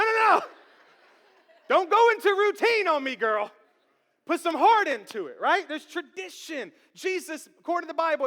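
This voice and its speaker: Male pastor, very high voice, animated sermon delivery, long church-hall reverb. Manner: animated, repeats words, builds to emphatic questions. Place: church sanctuary.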